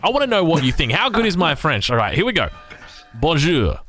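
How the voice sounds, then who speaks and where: A man's voice: fairly high pitch, wildly swooping pitch, quick pace, pushed and bright. A man casting a strategy game match play by play, upbeat and joking, often asking his co-caster questions. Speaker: esports caster.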